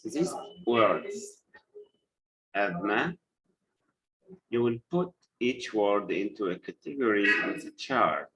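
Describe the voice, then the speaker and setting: Slow, low-voiced male teacher. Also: lively intonation, noisy background. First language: Arabic. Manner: slow, deliberate, quizzes the class with repeated questions. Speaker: English teacher. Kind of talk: live-streamed classroom lesson.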